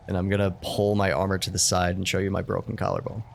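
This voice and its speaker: A man's voice: low-pitched, little pitch movement, fast, gravelly, slight background noise. A man playing in a tabletop game, terse and blunt. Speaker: player. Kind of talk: tabletop role-play.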